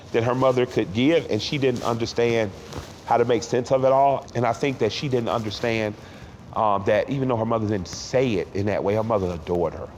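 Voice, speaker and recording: A middle-aged man from Atlanta, talking candidly and emotionally in a sit-down interview, with halting restarts. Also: medium pitch, a little mellow. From Atlanta, Georgia. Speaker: interview guest. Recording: roomy hall with faint background noise.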